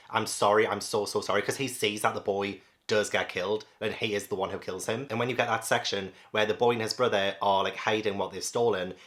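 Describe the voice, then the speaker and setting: A man giving a casual, rambling spoken review of a manga, animated and full of "like". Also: mid-range voice. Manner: rambling, animated, heavy use of "like".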